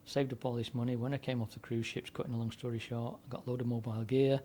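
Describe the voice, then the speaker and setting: A fast-talking man with a warm, mid-range voice and little pitch movement rambles through long anecdotes in conversational storytelling mode. He is in his seventies and was once a DJ and broadcaster, and fillers and restarts come often. There is a little hiss or hum.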